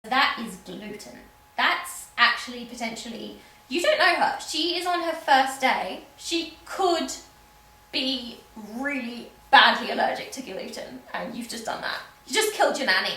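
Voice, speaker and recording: A woman's voice: high voice, animated, measured pace, sharp tone. A woman giving a casual, sarcastic recap of a film's plot as a reviewer. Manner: wry, sarcastic asides. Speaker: film reviewer. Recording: echoey room with faint background hum.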